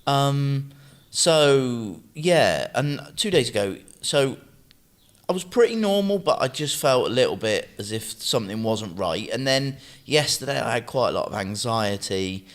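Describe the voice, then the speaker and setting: A man co-hosting a podcast, talking in an earnest, halting, open way. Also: medium pitch, lively intonation. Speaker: podcast co-host. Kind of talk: casual chat.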